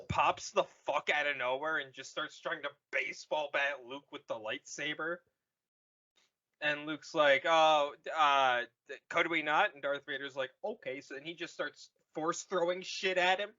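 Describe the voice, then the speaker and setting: Profane rambling podcast host, man, bright voice, dull lo-fi recording. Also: on the high side. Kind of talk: casual movie recap.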